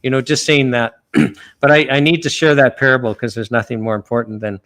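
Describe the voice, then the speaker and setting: A man from Canada speaks as a guest on a talk show, earnestly retelling a story in loose conversational speech. His voice sits in a middle pitch, and he stumbles over restarts and fillers as he goes. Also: steady tone, fairly quick, a bit bright. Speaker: lawyer guest.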